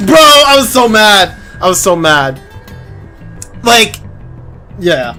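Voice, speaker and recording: A man streaming a game, chatting casually in a lively, indignant way, swearing and laughing often. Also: high voice, slow pace, faint music behind. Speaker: livestreamer.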